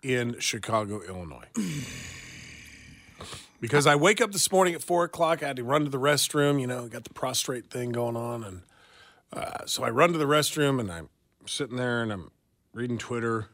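A man's voice: medium pitch, animated, normal speed, fairly bright tone. A man hosting a radio talk show, chatting casually and reading news aloud with wry asides.

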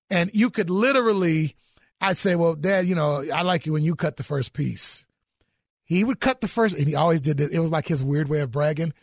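A man's voice: a little high, fairly quick, dry recording, clean studio sound. A middle-aged man in an enthusiastic interview chat, exclaiming about food. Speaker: guest.

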